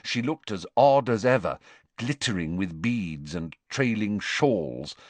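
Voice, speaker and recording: A male audiobook narrator with a low, lively voice delivers scripted narration. His storytelling is measured and expressive, recorded with no room sound.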